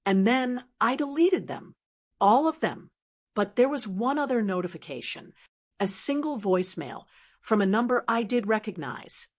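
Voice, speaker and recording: A woman narrating a first-person story in a calm, steady, measured way. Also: on the high side.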